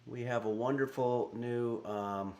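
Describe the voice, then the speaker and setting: A middle-aged man hosts a cooking livestream at an unhurried crawl. His delivery is dry and deadpan, and he stops and restarts his sentences with plenty of ums and uhs. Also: medium pitch. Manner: deadpan, halting with fillers. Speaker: cooking stream host. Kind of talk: casual livestream chat.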